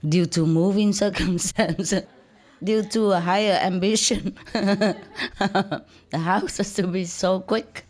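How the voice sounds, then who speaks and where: A woman's voice: deep voice, darkish tone. A woman spiritual teacher giving casual advice, often laughing and teasing, in broken English.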